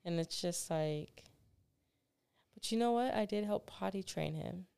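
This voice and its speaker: A woman co-hosting a podcast, chatting casually and telling an animated story with lots of laughter. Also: lowish voice, unhurried, creaky, clear, resonant tone, no room sound. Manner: animated storytelling, acts out voices, laughs often. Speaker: podcast co-host. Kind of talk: casual chat.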